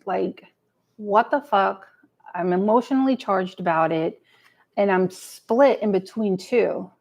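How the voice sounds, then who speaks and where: Her medium-pitched voice carries vocal fry and a slightly mellow tone, moving at a measured pace. The woman is a tarot reader doing a live reading at her home table, a cat nearby, chatting casually, muttering to herself and swearing freely as she pulls cards. The audio is poor.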